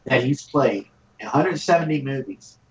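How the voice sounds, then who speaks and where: A man tells a story in casual podcast chat. His voice comes through muffled and dull, as if over a low-quality remote line. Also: animated, moderate pace. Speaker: podcast co-host.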